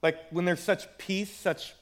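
A man's voice: sits high, steady tone, measured pace. A man preaching a sermon in a conversational way, often repeating words as he builds a point. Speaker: pastor.

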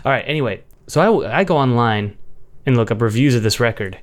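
A man's voice: mid-range voice, animated, a little fast, a loud crowd. A man from Washington, D.C., hosting a podcast in casual chat, joking and laughing often as he talks. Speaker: podcast host.

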